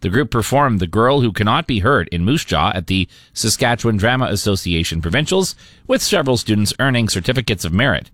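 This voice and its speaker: A man reading a local radio newscast in a steady, measured newsreader manner. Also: on the low side, dry recording, studio quality. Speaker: radio news anchor.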